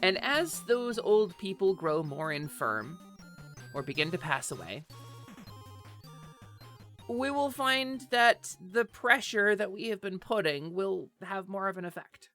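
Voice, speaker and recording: Bright, animated woman streamer. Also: medium pitch, a little slow, faint music behind. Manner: animated, chatty, swears casually, laughs often. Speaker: Twitch streamer. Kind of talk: casual live-stream chat.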